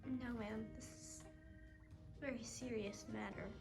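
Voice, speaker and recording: Brief: woman as a deadpan, polite staffer, unhurried delivery. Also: on the high side, vocal fry, music in the background. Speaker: bank or show staffer delivering bad news.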